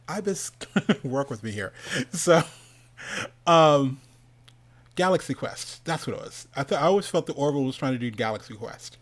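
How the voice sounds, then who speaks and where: A middle-aged man spins a loose, casual story as the host of an online event, interrupting himself constantly and breaking into chuckles. He acts out the people in it with quick shifts of voice. His pitch sits in an ordinary middle range. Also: lively intonation. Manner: rambling, self-interrupting, laughs often, quotes people in changing voices. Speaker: host of an online animation summit.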